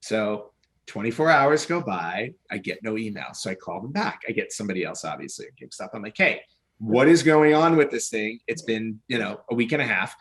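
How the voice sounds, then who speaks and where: A man co-hosting a casual podcast chat, telling an animated story and acting out both sides of his phone calls. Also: on the low side, fairly quick. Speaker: podcast co-host.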